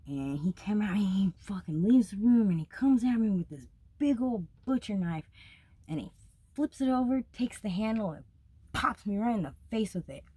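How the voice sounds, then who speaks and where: A young woman telling a story of her travels in a casual, blunt, heavily profane way, getting animated as she relives it. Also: mid-range voice, moderate pace, breathy edge, no room sound.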